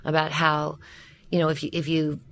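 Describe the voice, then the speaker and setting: A woman voice coach in a casual interview, talking in an animated way and dropping her pitch to show how voices change. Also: normal speed.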